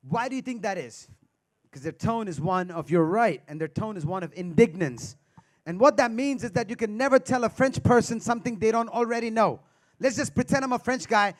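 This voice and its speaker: A man performs stand-up on a live stage, his voice sitting notably high. He bounces between observational bits and playful crowd-work banter. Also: expressive, brisk. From India. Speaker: stand-up comedian. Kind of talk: stand-up comedy.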